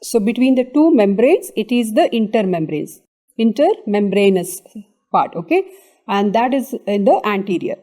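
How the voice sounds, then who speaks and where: A woman's voice: mid-range voice, very animated, moderate pace, warm tone. A woman with an Indian English accent giving an exam revision lecture on anatomy, explaining step by step and often checking in with "okay".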